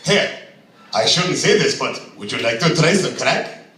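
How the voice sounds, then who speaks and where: A man's voice: on the high side, big pitch swings, measured pace, bright, forceful tone, a little hiss or hum, pitched below the performer's own voice, full character voice. A man voicing an overly friendly male convenience store clerk with a salesy patter. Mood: sweet-talking. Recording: echoey room from far off.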